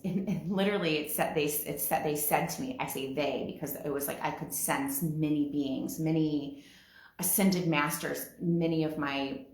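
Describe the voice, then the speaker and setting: A woman giving a reflective spiritual talk, speaking softly and from the heart, with a tender, emotional edge. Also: sits low, reverberant. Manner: slow, soft and heartfelt, growing emotional.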